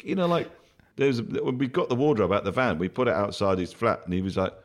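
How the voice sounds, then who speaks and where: A comedian guest telling an anecdote in a rambling way, full of fillers and restarts, laughing along. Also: male voice, on the low side, lively intonation, quick pace. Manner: laughs through his own story. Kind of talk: anecdotal storytelling.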